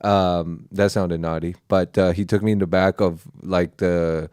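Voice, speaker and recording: A man, a guest comedian from outside America, telling stories in a halting way with frequent restarts. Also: deep voice, fairly even intonation, a little mellow, smooth, dry recording, studio quality. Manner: halting, starts and restarts sentences. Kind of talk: casual podcast storytelling.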